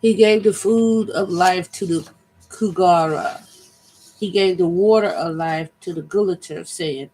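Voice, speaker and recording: High-voiced man reading an ancient poem. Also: measured pace, darkish tone, slight background noise, low-quality recording. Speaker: reader.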